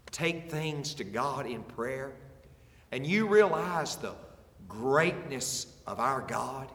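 A man preaching as a pastor, lively and emphatic, with stammered restarts and little chuckles. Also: medium pitch, distant mic. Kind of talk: sermon. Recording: echoey hall with long reverb.

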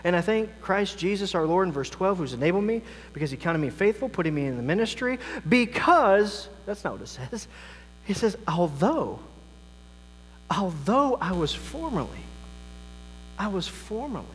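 A male pastor delivering a sermon, swinging between loud emphasis and quiet, soft asides. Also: sits high, big pitch swings, normal speed. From United States. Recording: long reverb, mains hum.

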